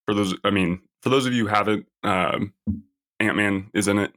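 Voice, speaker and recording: A man's voice: on the low side, fairly even intonation, normal speed, a bit bright. A man co-hosting a podcast, chatting casually and hesitantly with frequent ums. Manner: easygoing, hesitant with ums and restarts. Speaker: podcast co-host. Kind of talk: casual chat.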